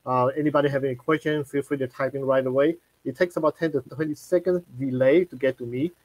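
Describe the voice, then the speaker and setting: Halting male live-stream host, dry sound. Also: medium pitch, fairly even intonation, a little mellow, no room sound, poor audio. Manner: halting, many fillers and restarts.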